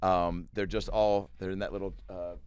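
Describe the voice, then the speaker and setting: A man's voice: low-pitched, level tone, moderate pace, darkish tone, clear, resonant tone, no room sound. A man hosting a podcast in casual chat, upbeat and loose, often stumbling through setups. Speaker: podcast host.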